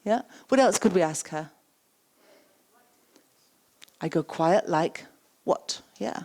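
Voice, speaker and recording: A woman's voice: lowish voice, expressive, a little slow, gravelly, darkish tone. A woman giving an interactive keynote on coaching. She repeats the audience's words back and asks them questions. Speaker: keynote speaker and coaching trainer. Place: conference stage.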